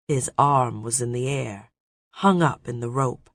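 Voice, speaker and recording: A male audiobook narrator reading an adventure novel in a steady, measured storytelling voice. He takes an unhurried, slow pace. The recording is close and completely dry. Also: medium pitch, no echo. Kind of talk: scripted narration.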